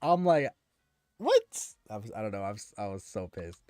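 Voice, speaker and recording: A man's voice: lowish voice, very animated, quick pace, a little mellow, clean tone. A man streaming and chatting casually with viewers, ranting in an exasperated way and often restarting his sentences.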